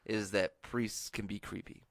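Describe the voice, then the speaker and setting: A man's voice: lowish voice, flat delivery, unhurried, gravelly, no room sound, studio quality. A young man co-hosting a podcast in casual chat, swearing and laughing as he retells comedy scenes. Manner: laughing, quoting comedy lines in put-on voices. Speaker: podcast co-host.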